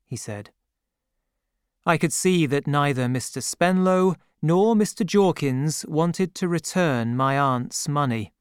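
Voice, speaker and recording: Slow, clear male storybook narrator. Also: a little high, dry recording, clean studio sound. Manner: slow, careful reading with mild character voicing. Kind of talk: scripted audiobook narration.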